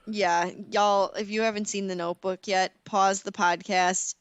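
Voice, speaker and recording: A young woman co-hosts a podcast in relaxed, casual conversation. She tells her stories with animated, dramatic flair and laughs often. Her voice is smooth and resonant, recorded dry and close. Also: mid-range voice, measured pace, no echo. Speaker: podcast co-host. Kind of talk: casual chat.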